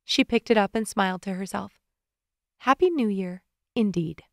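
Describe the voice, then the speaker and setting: A woman reads a romance audiobook in a calm, even voice at a middling pitch. The booth is dead dry and the mic is close, so every word is intimate and plain. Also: moderate pace, no echo. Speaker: audiobook narrator. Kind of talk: scripted romance narration.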